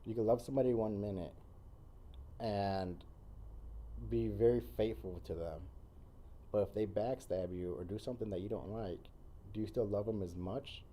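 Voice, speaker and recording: A man's voice: fairly low pitch, normal speed, long pauses, mellow, slight background noise. A man talking earnestly as a podcast guest in casual conversation, repeating phrases for emphasis.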